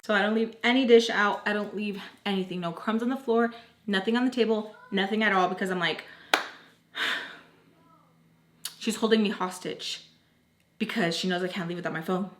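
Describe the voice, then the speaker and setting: With a mid-range voice, a moderate pace, and frequent pauses, a young vlogger narrates a personal story for her audience. She keeps it casual with slang and stays animated, putting on voices for the people whose dialogue she quotes.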